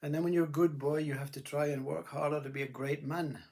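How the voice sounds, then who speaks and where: A man's voice: a little high, fairly even intonation, quick pace, vocal fry, darkish tone. A man giving a rambling philosophical monologue, with blunt earthy words, who keeps saying "you see" and "you know". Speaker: spiritual speaker.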